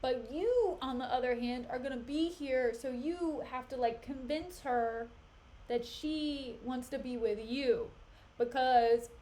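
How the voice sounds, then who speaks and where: A woman's voice: high voice, slow, dark tone, slight background noise. A woman voicing a scheming man who pushes his friend along in impatient slang. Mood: pushy.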